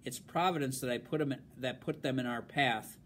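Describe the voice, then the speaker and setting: A man's voice: medium pitch, normal speed, fairly bright tone, a little hiss or hum, lightly acted. A man reading aloud and voicing a stern, haughty colonial mistress who gives clipped, cold orders. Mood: cold, commanding.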